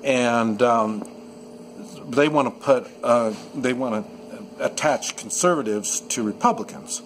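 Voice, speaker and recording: Casting note: man of middle pitch, rambling unscripted monologue, lots of false starts, faint noise in the background. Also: slow pace, rough recording. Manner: rambling, many restarts and fillers. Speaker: video commentator. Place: at home in the countryside.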